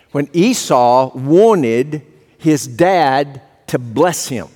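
A man's voice: a little high, a little mellow, long reverb tail. A man preaching a sermon as pastor, telling folksy stories and often repeating a word as he goes. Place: church.

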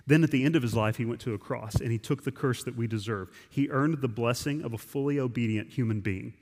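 Man, pastor, mid-pitched, conversational and emphatic sermon delivery, reverberant church hall. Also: fast talker, darkish tone. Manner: conversational, emphatic preaching with frequent restarts. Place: church sanctuary.

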